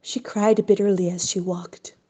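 A woman narrating a story in an expressive, unhurried way. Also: mid-range voice. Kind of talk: scripted narration.

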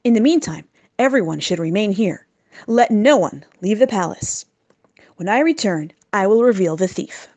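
A woman's voice: mid-range voice, expressive, normal speed, dark tone. A woman reading the part of a devout, clever male court advisor in a spoken story, earnest and pleading in manner.

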